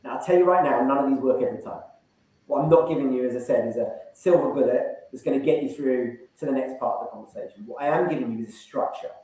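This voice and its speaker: A man's voice: mid-range voice, fast talker, mellow, distant mic. A man running an online sales training session, coaching and acting out phone call openers. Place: room, online event. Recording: very echoey room.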